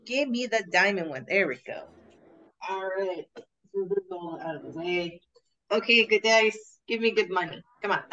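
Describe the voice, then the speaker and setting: A woman playing a tabletop game, talking in a hesitant, chatty way as she figures out her rolls. Her voice sits at a middle pitch for a woman. The recording is dull and lo-fi. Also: moderate pace, sharp tone, slight background noise. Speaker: player. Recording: dull lo-fi audio.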